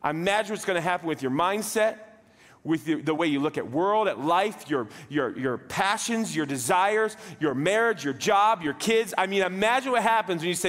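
A man's voice: high voice, animated, normal speed, a bit bright, big-room sound. A man pastor giving a conversational sermon, joking and acting out little scenes in quoted voices. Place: church sanctuary.

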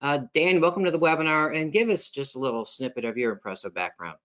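A man's voice: fairly high pitch, quick pace, a bit bright. Chatty man hosting a webinar. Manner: chatty, self-deprecating, filler-heavy. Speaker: webinar host. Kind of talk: webinar presentation. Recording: lo-fi online call audio.

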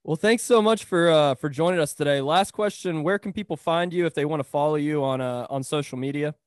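A man's voice: fairly high pitch, fairly quick, no echo, clean studio sound. A man hosting a casual podcast interview, asking questions in an easygoing, upbeat way. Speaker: podcast host.

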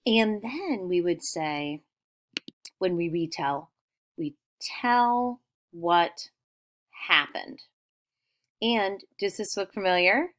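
A woman teacher guiding young children through retelling a story, asking questions and praising their answers. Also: fairly low pitch. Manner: slow, encouraging questions.

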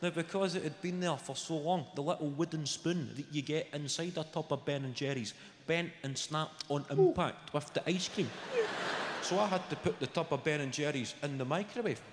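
A Scottish man doing a stand-up routine, telling an animated story full of swearing. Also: on the high side, normal speed. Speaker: stand-up comedian. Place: live comedy venue. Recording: echoey live venue with loud crowd noise.

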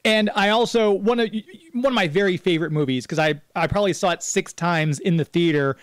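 Guy hosting the show, high voice, excited fan talk, dry close mic. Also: no room sound. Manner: enthusiastic fan, quick asides. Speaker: radio show host. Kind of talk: casual interview.

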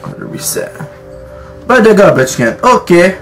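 High-pitched man joking through a game. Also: big pitch swings, normal speed, faint music behind. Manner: jokey, profane, scolds game characters. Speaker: gaming channel host. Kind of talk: let's play commentary.

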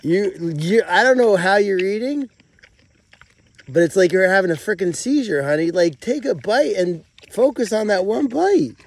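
His voice is high-pitched and expressive, with vocal fry and a moderate pace, as this middle-aged sanctuary caretaker chats to rescue pigs on a casual livestream. He's outdoors on a farm, loudly calling the pigs by name.

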